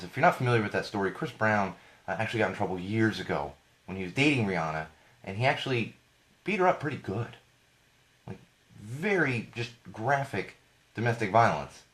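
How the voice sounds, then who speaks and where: Hoarse, animated male podcast host. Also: on the low side, a little fast. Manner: rambling, indignant, self-correcting. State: losing his voice, hoarse. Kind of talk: casual live podcast rant.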